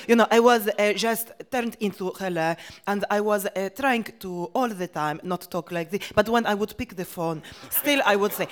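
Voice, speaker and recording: Animated, laughing woman guest. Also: mid-range voice. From Washington, D.C. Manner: animated, laughs often, quick asides. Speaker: guest, solo performer and playwright. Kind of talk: interview conversation.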